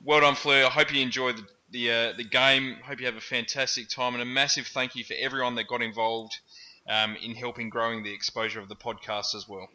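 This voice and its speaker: Man, Australian accent, podcast host, very bright voice, upbeat, quick affirmations. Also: mid-range voice, flat delivery. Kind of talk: casual sports chat.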